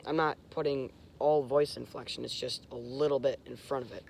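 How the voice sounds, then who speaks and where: A young man casually explaining hunting call technique, halting and searching for words, with short clipped demonstration sounds. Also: mid-range voice, vocal fry. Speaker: host. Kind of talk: casual instructional talk.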